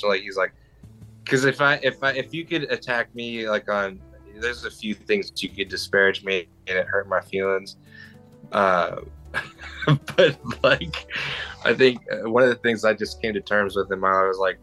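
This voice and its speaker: Bright-voiced man, relaxed and joking. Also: on the low side, normal speed, faint music behind, rough recording. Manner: relaxed, self-deprecating, joking. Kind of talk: casual faith discussion.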